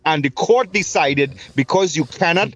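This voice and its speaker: A man's voice: a little high, normal speed, a bit bright, no room sound. A man calling in to a radio show, arguing sarcastically with rhetorical questions. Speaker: caller. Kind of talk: call-in opinion. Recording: dull, dry phone-line sound.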